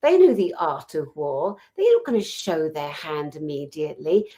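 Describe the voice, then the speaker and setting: A woman co-hosting a casual chat, speaking in a passionate, outspoken, animated storytelling manner. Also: low voice, normal speed. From Britain. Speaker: co-host.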